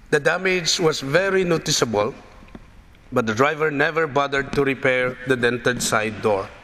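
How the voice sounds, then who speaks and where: A male pastor preaching a sermon in a church, telling a story slowly and deliberately. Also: mid-range voice, a bit bright. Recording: church reverb, faint noise.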